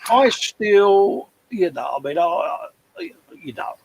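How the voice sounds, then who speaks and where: A man's voice: high-pitched, very animated, takes it slowly, vocal fry, a little mellow, slight background noise, rough recording. A man in his fifties with an East London accent, chatting casually on a hobby livestream and telling rambling anecdotes. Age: 50s. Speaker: co-host of a model-building livestream. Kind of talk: casual chat.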